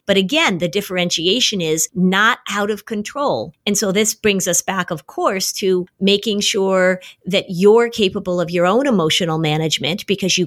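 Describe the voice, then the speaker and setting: Middle-aged woman, anxiety expert guest, warm conversational explainer, animated storyteller. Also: mid-range voice. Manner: animated storyteller, acts out voices in anecdotes. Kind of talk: casual podcast conversation.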